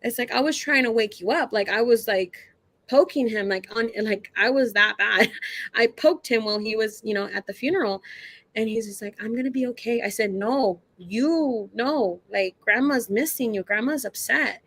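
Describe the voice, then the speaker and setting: A woman's voice: a little high, normal speed, a bit bright, no room sound. Woman psychic guest rambling through a story, tons of "like", dry close sound. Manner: chatty, filler-heavy, acts out dialogue. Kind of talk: casual storytelling.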